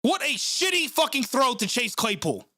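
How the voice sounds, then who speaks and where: A man's voice: very high voice, big pitch swings, moderate pace, sharp tone, dry recording, studio quality. A man ranting heatedly and swearing while hosting a live reaction stream of a football game. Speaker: sports live-stream host. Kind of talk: angry live play-by-play reaction.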